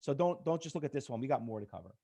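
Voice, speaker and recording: Animated man teaching a trading class. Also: mid-range voice, racing, creaky. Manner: animated, storytelling, acts out quoted exchanges. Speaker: trading instructor. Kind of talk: live trading class with screen demo.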